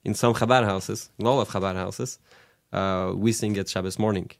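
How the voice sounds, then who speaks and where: A man with a somewhat low voice and a gravelly edge talks as a guest in an interview. He stops and restarts often while he searches for his words. The sound is dry and close. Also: fairly even intonation, normal speed, dry recording. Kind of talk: conversational interview.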